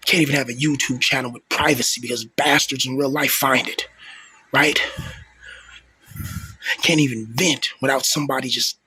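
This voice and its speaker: Very raspy-voiced man in his thirties. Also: medium pitch, steady tone, normal speed, pauses often, pushed and bright, dry recording. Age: 30s. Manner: rambling, repeats words and stumbles; coarse, profane street talk. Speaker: vlogger. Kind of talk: venting monologue to camera.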